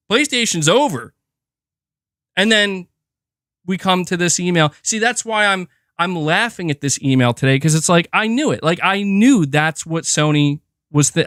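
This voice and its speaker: Young male streamer, profane and exasperated, high-pitched and very animated, recorded dry. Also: no echo. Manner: profane, exasperated ranting with many repeats. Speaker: gaming commentary streamer. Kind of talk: ranting livestream commentary.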